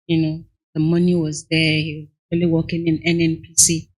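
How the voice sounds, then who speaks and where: A woman with a Nigerian accent speaks in a husky, slightly breathy voice that sits on the lower side. She talks earnestly and candidly in a relaxed interview. She is a young adult. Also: a little fast. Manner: candid and earnest, acts out clients' lines. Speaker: guest entrepreneur. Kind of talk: conversational interview.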